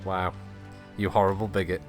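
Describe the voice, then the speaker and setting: A man's voice: deep voice, level tone, normal speed, over music. A man chatting casually and swearing cheerfully while playing a game on stream. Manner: joking, sweary, chatty commentary. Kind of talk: casual gaming chat.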